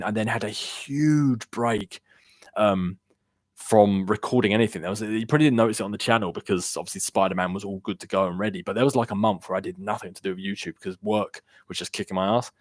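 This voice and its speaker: A young man with a lowish voice talks loosely through a gaming live stream, drifting between topics and picking up questions from chat. His voice sounds close and dry through a worn-out home microphone. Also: no room sound. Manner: rambling, answers viewer chat questions. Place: home room. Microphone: worn-out desk microphone.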